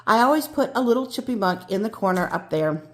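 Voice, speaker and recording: A woman's voice: mid-range voice, lively intonation, fairly quick. A woman explaining things in a casual, friendly vlog. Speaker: diamond painting vlogger. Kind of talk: casual tutorial chat.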